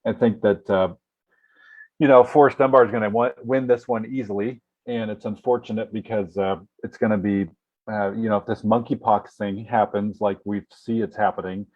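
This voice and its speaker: A man co-hosting a political talk show, speaking casually with a hesitant delivery full of pauses and restarts. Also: on the low side, steady tone, muffled recording. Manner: hesitant, many fillers and restarts.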